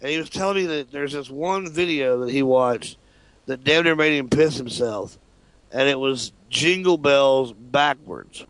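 A man's voice: mid-range voice, unhurried. A man co-hosting a casual radio talk show, telling a story with lots of laughter and swearing. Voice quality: animated, swearing, laughs often.

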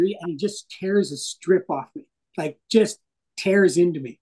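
A middle-aged man, a hockey broadcaster and interview guest, telling stories in a casual, animated way and swearing freely. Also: sits high, moderate pace, slightly rough, low-quality recording.

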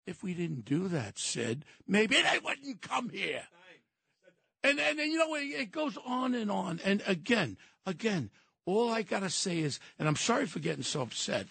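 A man calling in by phone as a regular guest on a talk radio show, ranting with passion and often shouting. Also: high-pitched, expressive, moderate pace, creaky, breathy edge, dry recording. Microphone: telephone.

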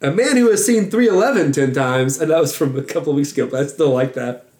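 A man's voice: on the high side, fast, a little mellow. A man hosting a podcast in casual chat with his co-hosts, joking and rambling. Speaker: podcast host. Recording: roomy echo.

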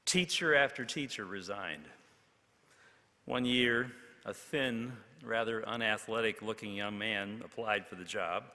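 A man preaching a sermon, telling a story in a slow, dramatic way with long pauses. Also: fairly low pitch, pushed and bright. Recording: long hall reverb.

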